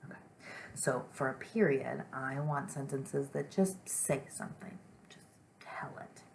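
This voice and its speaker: A young woman teaches small children in a gentle, patient way. Her voice sits low with a gravelly edge of fry, and she reads her examples with big, playful expression. A faint hiss runs under the recording. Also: a little slow. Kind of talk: remote lesson for young children.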